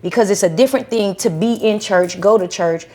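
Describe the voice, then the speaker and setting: A woman from Charlotte, North Carolina, a podcast guest telling her story in a lively, conversational way and acting out what people said. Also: mid-range voice, a little fast, slight background noise. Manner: animated, acts out voices in her stories.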